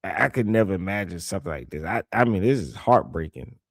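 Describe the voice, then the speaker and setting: A man giving casual reaction commentary on a news clip, animated and swearing, reading viewer comments aloud. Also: sits low, fast talker, no echo, clean studio sound.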